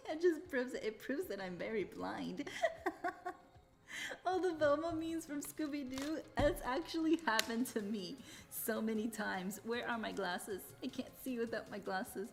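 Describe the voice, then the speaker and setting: A woman livestreamer chatting casually with her viewers, laughing often between sentences and telling stories animatedly. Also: medium pitch. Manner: animated storyteller. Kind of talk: casual live-stream chat.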